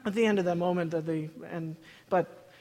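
In a big hall with long, lingering reverb, a man with a very high voice entertains a live crowd with an animated personal story. He tends to laugh mid-sentence, repeat words, and restart quickly in his excitement.

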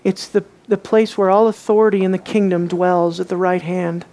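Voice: medium pitch, fairly even intonation, moderate pace, warm tone. A preacher giving an expository sermon in a conversational way, asking the audience many rhetorical questions and repeating phrases for emphasis.

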